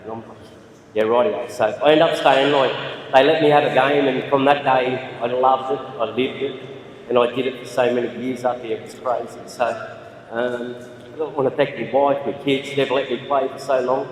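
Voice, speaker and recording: Australian man speaking haltingly in an echoey hall. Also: medium pitch, steady tone, a little hiss or hum. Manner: halting, rambling, frequent restarts. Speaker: eight ball player giving a speech. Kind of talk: impromptu acceptance speech. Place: large function hall. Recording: echoey hall, distant mic.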